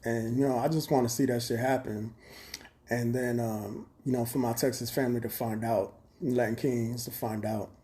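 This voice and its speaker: A man talks straight into his phone on a livestream. His voice is mellow and dark-toned. He rambles bluntly and swears freely in a streetwise way. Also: medium pitch, fairly even intonation, moderate pace. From Chicago. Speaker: livestream host. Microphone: phone camera.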